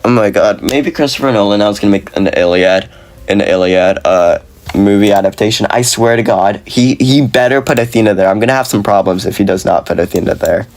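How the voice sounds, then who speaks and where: A man giving a casual, frustrated video review, talking fast and excitedly with lots of slang and fillers, his voice jumping up when he is exasperated. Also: on the low side. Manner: animated, voice jumps up when exasperated. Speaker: movie reviewer.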